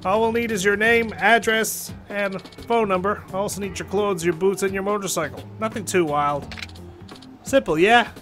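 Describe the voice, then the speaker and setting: A man voicing an overeager male street petitioner who wheedles and flatters politely in a game playthrough. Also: high-pitched, moderate pace, over music, pitched above the performer's own voice, natural voice. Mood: wheedling. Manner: salesy, wheedling, overly polite.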